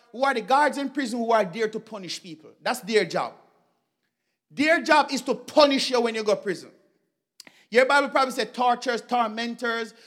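A man preaching a sermon, telling a Bible story with animated swings between loud bursts and quiet asides. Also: very high voice.

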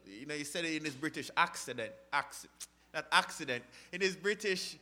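A man preaching a sermon, asking rhetorical questions and swinging from loud, impassioned rises to quiet drops. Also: on the high side, animated, normal speed. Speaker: pastor.

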